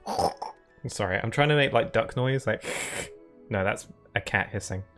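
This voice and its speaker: A man's voice: fairly low pitch, normal speed, a bit bright. A man giving rambling, chatty live-stream commentary while he plays, often laughing at himself. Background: faint game music.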